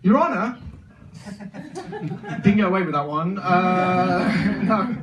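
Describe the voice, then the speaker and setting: A young man with a Birmingham accent doing a deadpan, self-deprecating stand-up set in a comedy club. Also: sits high, slow pace, highs cut off, noisy background. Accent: Birmingham English. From England. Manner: deadpan self-deprecating, many filler ums. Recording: roomy club sound from a distance.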